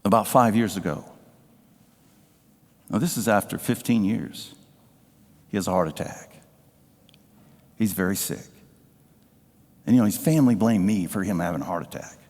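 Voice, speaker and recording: A man preaching a sermon as pastor, telling a personal story with emotion and sometimes dropping to a hush. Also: fairly low pitch, normal speed, pauses often. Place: church sanctuary. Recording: live church sound with long reverb. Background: band playing softly.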